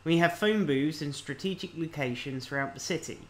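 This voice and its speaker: A man casually commenting on a video game as he plays, reading the on-screen text aloud and thinking out loud. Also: fairly high pitch, normal speed. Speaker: let's-play host.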